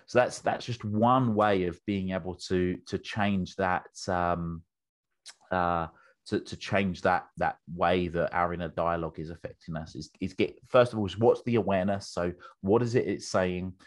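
A man's voice: low-pitched, steady tone, moderate pace. A British man, a business coach, explaining a method with enthusiasm as an interview guest, often restarting his sentences.

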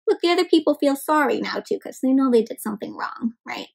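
A woman reads a picture book aloud to children as an interactive session, asking questions and calling them "my friends" in a teacher-like, encouraging way. Her high voice is a little mellow, creaky and breathy, and she reads fairly quickly with hardly any pauses. The audio is poor.

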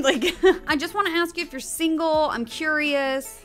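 A woman streamer giving bubbly, chatty commentary while playing a life-sim game, often gasping with excitement and talking to her viewers. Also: high-pitched, a little fast, faint music behind. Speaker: gaming streamer. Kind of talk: casual gameplay commentary.

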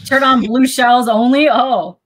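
A woman guest on a casual podcast, telling lively stories and laughing often. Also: fairly high pitch, unhurried, a crowd in the background. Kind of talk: casual chat.

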